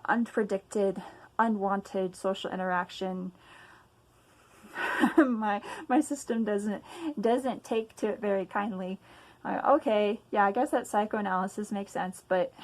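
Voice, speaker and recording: A woman's voice: medium pitch, low-quality recording. A young woman ranting to camera at home, agitated and emphatic, often sighing and swearing. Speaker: vlogger. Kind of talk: casual personal rant to camera.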